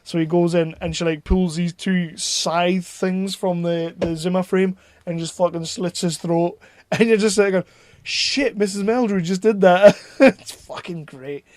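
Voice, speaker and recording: A man, co-hosting a casual film podcast, excitable and swearing freely. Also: sits high, measured pace, dry recording, studio quality. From North East England. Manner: excitable, swears freely, laughs while talking. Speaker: podcast co-host.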